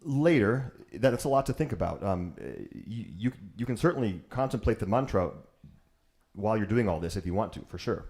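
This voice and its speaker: Lively-voiced male yoga teacher. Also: on the low side, normal speed. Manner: easygoing, joking, encouraging. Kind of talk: guided breathwork class.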